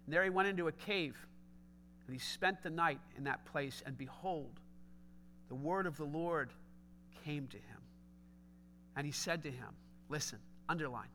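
Preaching to his congregation, a male pastor moves between loud, forceful statements and soft, murmured asides, frequently asking them questions outright. There's a little background noise.

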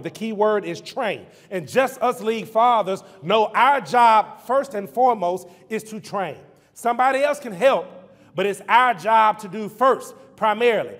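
A man with a high voice preaches a church sermon on fatherhood. He builds rhythmic rhyming lines and repeats refrains. His voice rings with a long reverb, as in a church hall. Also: a bit bright.

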